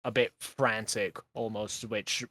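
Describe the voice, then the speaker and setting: A man's voice: lowish voice, little pitch movement, slow pace, sharp tone. A man on a casual podcast chat, explaining himself defensively. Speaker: podcast guest.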